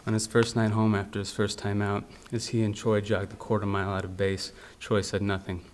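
A man from the United States reading his own literary fiction aloud in a steady, measured way. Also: on the low side. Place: university library event.

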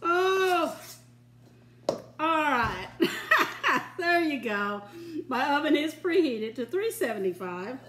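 An older woman hosts her home cooking show with a high, bright voice, chatting slowly and folksily and breaking into giggles. She is recorded in a roomy kitchen that gives her voice a clear echo. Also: big pitch swings. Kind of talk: casual home cooking demonstration.

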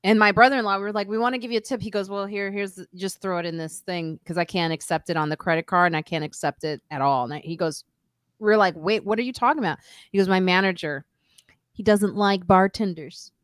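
A woman's voice: medium pitch, fast talker, smooth, dry recording. A middle-aged woman hosting a casual live stream, telling stories and playing out other people's lines herself. She talks over a video call, and her sound is close and dry, with no room around it. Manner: animated storyteller, acts out other people's lines. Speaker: podcast host.

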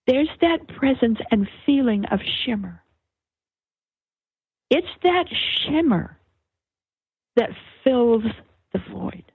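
Slow, husky older woman on a phone line. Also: fairly high pitch, lively intonation, no echo. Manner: slow, searching, many fillers and restarts. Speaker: interview guest, author. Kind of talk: reflective conversational explanation. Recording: tinny phone-line sound.

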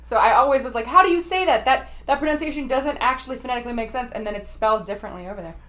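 Young american woman cohosting, playful, jumps in fast with quick reactions. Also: a little high, a bit bright. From United States. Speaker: guest co-host. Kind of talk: casual podcast chat.

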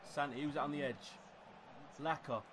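A young man commentating live on his football video game, ranting, swearing and shouting angrily at the players. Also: fairly high pitch, fairly even intonation, normal speed, noisy background. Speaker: gaming YouTuber. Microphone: desktop USB microphone.

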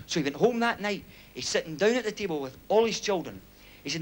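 A young man with a Scottish accent does a stand-up comedy routine. His voice sits high and bounces along. He reels off quick jokes and chuckles at his own punchlines. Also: expressive. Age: young adult. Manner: quick joke-telling, chuckles at own gags.

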